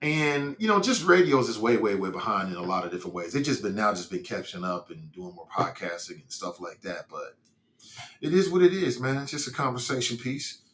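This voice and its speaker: Bright-voiced man hosting a casual stream. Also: fairly low pitch, sing-song, a little fast, echoey room. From Cincinnati, United States. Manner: loose, rambling, frequent restarts and slang. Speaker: podcast host reading live chat. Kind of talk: casual livestream talk.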